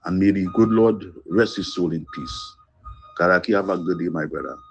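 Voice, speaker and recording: A man leaving a phone voice note of condolence, slow, heavy and earnest, with pauses. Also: low-pitched, breathy edge, faint music behind. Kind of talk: emotional condolence message.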